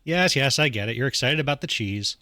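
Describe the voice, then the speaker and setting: A man's voice: mid-range voice, lively intonation, brisk, pushed and bright, no echo, clean studio sound. Man putting on a sarcastic teenage girl. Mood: exasperated.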